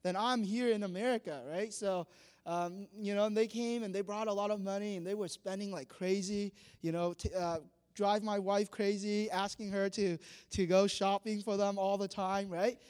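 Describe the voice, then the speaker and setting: A man preaching a sermon, animated, acting out quoted dialogue and laughing often. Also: high-pitched, normal speed, clear, resonant tone. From Vietnam. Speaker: pastor. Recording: long hall reverb.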